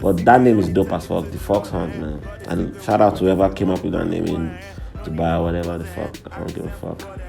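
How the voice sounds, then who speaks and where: A man's voice: sits low, fairly even intonation, fairly quick, vocal fry, mellow. A young man hosting a profane, irreverent comedic monologue, laughing between lines. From Nigeria. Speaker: host. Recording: faint background music.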